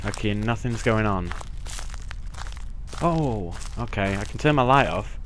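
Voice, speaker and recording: A man's voice: lowish voice, lively intonation, a little slow, a bit bright, slight background noise. A young man playing a horror game, swearing constantly and breaking into panicky outbursts. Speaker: gaming channel host. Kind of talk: let's play commentary.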